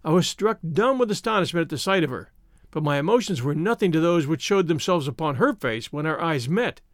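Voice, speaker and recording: A man narrating a story in the first person with an expressive, theatrical delivery. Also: on the high side, a little fast, no room sound, studio quality. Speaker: audiobook narrator.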